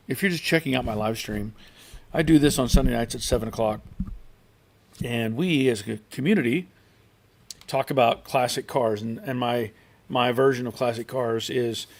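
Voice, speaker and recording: A middle-aged man hosting a casual live stream from his garage, reading viewer comments aloud and greeting each one by name. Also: mid-range voice. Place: home garage.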